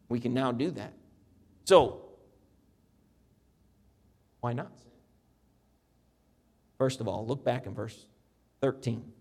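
A middle-aged man preaching a sermon, reading scripture and telling stories with lively, animated delivery. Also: slow pace, pauses often, slightly rough. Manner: animated storytelling preacher, reads scripture in a lower, steadier voice. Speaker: pastor.

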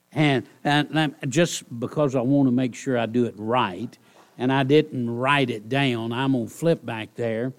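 A male pastor giving a sermon in a conversational, pleading manner, often checking in with the congregation. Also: on the high side. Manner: conversational, repeats "all right?" to the congregation; soft pleading delivery with bursts of emphasis.

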